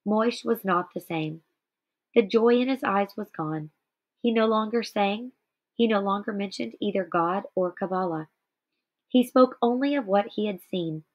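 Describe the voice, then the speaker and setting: A tired, yawny woman teacher doing a guided reading aloud, with explanations to her students. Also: medium pitch. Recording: slightly dull lo-fi recording.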